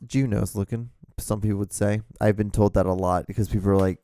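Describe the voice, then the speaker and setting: A man's voice: fairly low pitch, fairly even intonation, brisk, mellow. A man in his thirties hosting a podcast alone, rambling casually with lots of fillers, restarts and swearing. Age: 30s. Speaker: podcast host.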